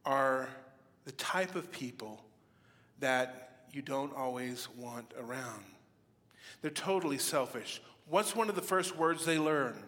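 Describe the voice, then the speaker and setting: A man's voice: mid-range voice, a bit bright. A middle-aged male pastor preaching a sermon with humorous stories and playful mock voices. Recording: reverberant hall.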